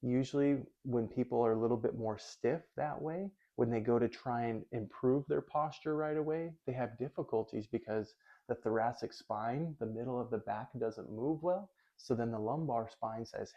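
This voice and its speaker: Calm, mellow-voiced male physical therapist. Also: mid-range voice, normal speed, muffled recording. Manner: calm, methodical, thinks aloud. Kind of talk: explanatory lesson.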